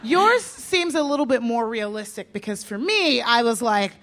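A woman's voice: on the high side, expressive, normal speed, fairly bright tone, a little hiss or hum. A woman in her twenties chatting casually, candid and joking, with frequent swearing. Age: 20s. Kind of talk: casual chat.

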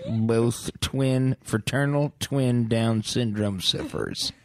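A man in casual podcast banter, telling absurd tall tales with a deadpan delivery. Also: mid-range voice, slow pace, no room sound.

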